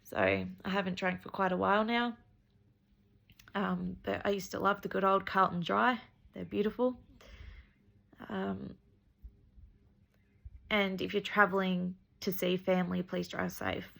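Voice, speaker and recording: Australian woman with a heavy vocal fry. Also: mid-range voice, steady tone, fairly bright tone. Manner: earnest, repeats herself, halting. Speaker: vlogger sharing her medical journey. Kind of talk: personal video diary.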